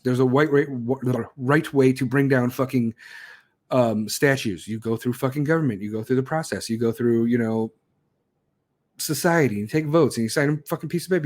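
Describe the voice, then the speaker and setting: A man's voice: medium pitch, darkish tone. A man ranting angrily, swearing nonstop and mocking people in put-on voices as a podcast host. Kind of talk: profane rant.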